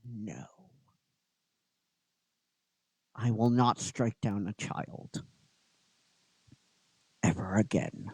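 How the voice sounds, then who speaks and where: A battle-hardened gold titan warrior speaks in a low, weighty voice, put on by a man retelling a show. He drags the words out slowly and heavily. The sound is close and dry. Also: vocal fry, breathy edge, no echo, exaggerated voice, low-quality recording. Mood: resolute. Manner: low, slow and heavy.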